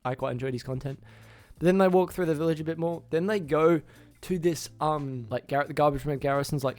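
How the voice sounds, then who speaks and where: A man's voice: on the high side, a little fast, a little mellow, dry recording, faint music behind. A man casually recapping a film's plot for his channel, rambling, restarting names and acting out the characters' lines. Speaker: YouTuber reviewing a film.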